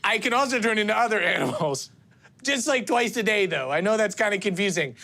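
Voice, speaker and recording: A man improvising in character at a tabletop game, excitable and swearing, laughing through his lines. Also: sits high, a little fast, creaky.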